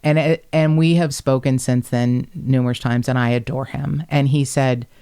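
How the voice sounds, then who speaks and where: A woman hosting a podcast, telling stories in a casual, animated way, blunt and quick to swear. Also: rumbling low, clean tone. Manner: animated, blunt storyteller who swears freely. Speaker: podcast host. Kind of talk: casual chat.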